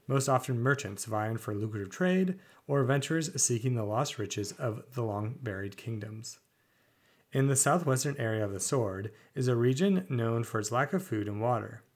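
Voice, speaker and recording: Man, podcast co-host, reading lore aloud, measured, slightly halting. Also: medium pitch.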